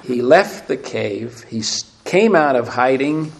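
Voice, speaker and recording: A man preaching a sermon, asking emphatic rhetorical questions and swinging between loud and hushed delivery. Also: mid-range voice, expressive, slow pace, creaky. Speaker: pastor.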